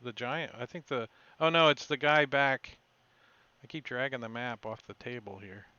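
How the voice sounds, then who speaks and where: A man acting as game master in a casual online tabletop session, thinking aloud with halting restarts. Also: medium pitch, pushed and bright, clear, resonant tone, highs cut off.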